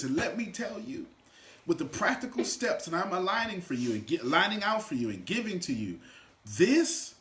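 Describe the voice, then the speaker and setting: A man giving an energetic motivational teaching talk to a small live audience, swinging from loud shouts to quiet asides. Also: high-pitched. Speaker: motivational coach. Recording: echoey room.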